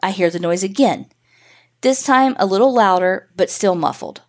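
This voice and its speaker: A woman podcast host reading a first-person paranormal story in a casual, profane, animated way. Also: medium pitch, moderate pace.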